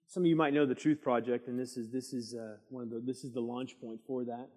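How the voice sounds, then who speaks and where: A middle-aged man teaching a midweek church Bible study, preaching in a lively way and drawing amens from the room. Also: medium pitch, moderate pace. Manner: lively preaching with call-and-response asides. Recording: long church hall reverb.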